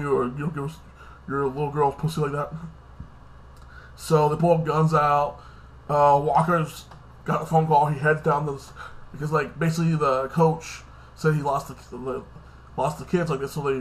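A man talks through a TV episode recap in a loose, rambling vlog style. His voice sits a little higher than most men's. He keeps tacking "like this" onto his lines and swears freely. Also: flat delivery, moderate pace. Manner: rambling, fills with "like this" and "like that"; swears casually. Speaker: TV episode reviewer.

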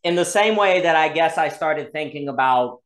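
A discussion host on a video call who thinks aloud, hedges often and builds ideas in quick repetitive loops. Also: mid-range voice, lively intonation. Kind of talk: casual philosophical discussion online. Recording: roomy video call audio.

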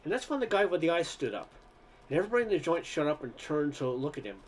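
A man's voice: fairly high pitch, big pitch swings, fast. A man reading a first-person story aloud in a conversational way, with occasional stumbles. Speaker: narrator.

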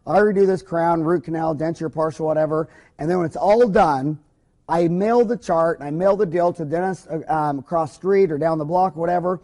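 A man's voice: fairly high pitch, brisk, a little mellow. A man, a dentist, giving an informal recorded lecture to other dentists, talking in an emphatic, folksy, rambling way with many asides.

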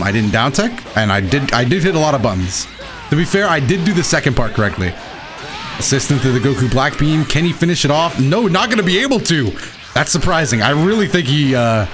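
A young man giving excitable, self-mocking live commentary while playing a fighting game. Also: mid-range voice, brisk. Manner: excitable, self-mocking, shouts at big plays. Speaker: gaming YouTuber. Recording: game music playing behind. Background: game music.

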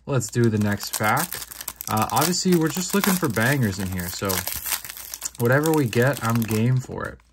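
Young man, casual slangy host, mid-pitched voice, easygoing unboxing chatter. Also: moderate pace, background noise. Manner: laid-back, slangy, excitable reactions. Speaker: card-opening channel host.

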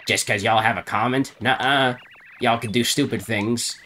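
A man on a live stream reading garbled game dialogue aloud in a deadpan comic voice, often breaking into laughter. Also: medium pitch, moderate pace, a little hiss or hum.

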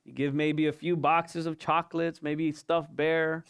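A man's voice: on the high side, little pitch movement, a little slow, fairly bright tone, clear, resonant tone. A male pastor giving an evening sermon, asking rhetorical questions and repeating his points for emphasis. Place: church service.

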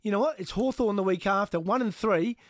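Blunt high-voiced Australian radio host. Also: male voice, fairly quick, no room sound, clean studio sound. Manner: blunt, opinionated. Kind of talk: casual radio sports chat.

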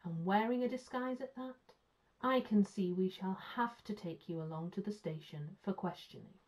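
A woman's voice: mid-range voice, moderate pace, a little mellow, close to an everyday voice. A woman voicing an officious grown male police officer who questions people sternly. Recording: muffled lo-fi sound.

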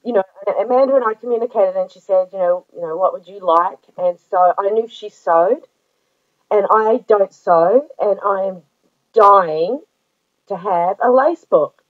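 In dry, tinny, phone-like audio, a medium-pitched Australian woman in her forties talks about crafts. As a craft vlogger doing a casual show-and-tell, she rambles and gushes, full of ums and restarts.

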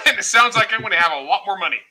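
Boisterous high-voiced bright man. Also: poor audio. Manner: boisterous, laughs often, jokes loudly. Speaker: guest author. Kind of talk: casual livestream chat.

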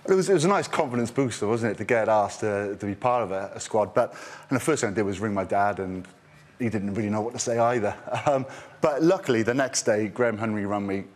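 Low-voiced man telling a studio anecdote. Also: quick pace. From Wales. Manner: chatty storyteller, laughs often. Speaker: studio guest, former rugby player.

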